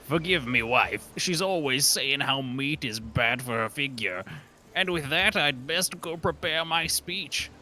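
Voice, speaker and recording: A man's voice: mid-range voice, expressive, a little slow, pushed and bright, slight background noise, rough recording. A man doing a blustery old merchant. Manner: blustery old-timey speech. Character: gruff old male merchant, bluff and crotchety. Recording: music playing underneath.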